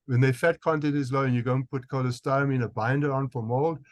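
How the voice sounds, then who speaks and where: Talking fast in a mid-range voice with fairly even intonation, a guest physician with a South African accent responds emphatically to interview questions. He tends to repeat words as he restarts, and the recording has no room sound.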